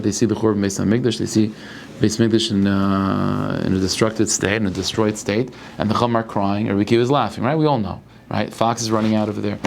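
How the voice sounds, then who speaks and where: A male rabbi giving a Torah lecture. He talks in halting bursts, restarting and repeating words as he thinks aloud. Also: lowish voice, creaky, darkish tone, a little hiss or hum.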